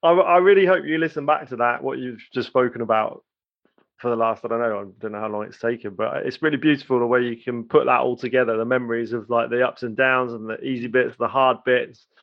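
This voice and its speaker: A man's voice: medium pitch, fairly quick, gravelly, muffled recording. A man hosting a podcast, reflecting appreciatively on his guest's story and laughing along. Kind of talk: casual interview chat.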